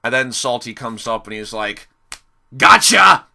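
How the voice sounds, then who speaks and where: A young man giving a casual spoken episode review, sarcastic and exasperated, often pausing and restarting. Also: lowish voice, level tone, pushed and bright. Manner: hesitant, many fillers and restarts.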